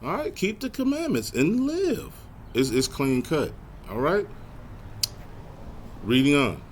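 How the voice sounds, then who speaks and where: A man leads a casual Bible lesson, reading verses slowly and clearly before commenting in loose everyday talk peppered with "man" and "y'all." His voice sits on the high side, and he's very animated.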